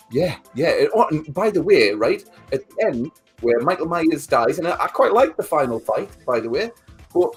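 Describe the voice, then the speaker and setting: Husky ranting man. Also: on the high side. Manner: ranting, sweary, animated. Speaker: podcast co-host. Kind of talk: casual chat, film review.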